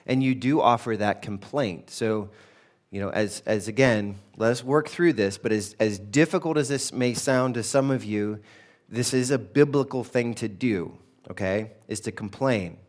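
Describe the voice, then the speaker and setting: A male pastor teaching a sermon in a conversational, emphatic way, slowing down to read scripture aloud. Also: lowish voice.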